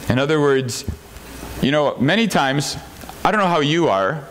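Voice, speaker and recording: A man's voice: a little high, animated, moderate pace, slight background noise. A pastor preaching a sermon, earnest and tender in his storytelling, rising to fervent emphasis.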